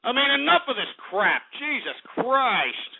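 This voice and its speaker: A man's voice: extremely high pitch, big pitch swings, measured pace, vocal fry. A man hosting a call-in radio show, ranting in an exasperated way, swearing and repeating himself. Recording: tinny phone-line quality.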